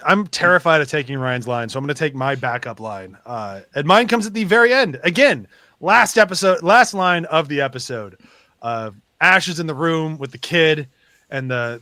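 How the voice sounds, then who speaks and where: A man hosting a podcast in casual chat, animated and leaning on lots of "like" as he retells scenes. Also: a little high, normal speed, no echo. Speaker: podcast host.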